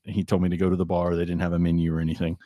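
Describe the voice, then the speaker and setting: A man's voice: low-pitched, completely flat delivery, racing, dry recording, dull audio. A man hosting a livestream from a tasting room, chatting casually and telling rambling anecdotes. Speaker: livestream host. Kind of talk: casual chat over drinks.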